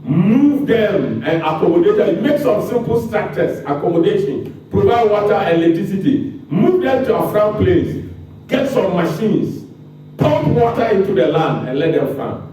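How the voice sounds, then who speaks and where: A man's voice: high voice, sing-song, moderate pace, mellow, slight background noise. Impassioned Ghanaian man in an echoey room. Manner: impassioned, rhetorical questions. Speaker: lecturer. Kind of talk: public lecture. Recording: very echoey room, mic far off.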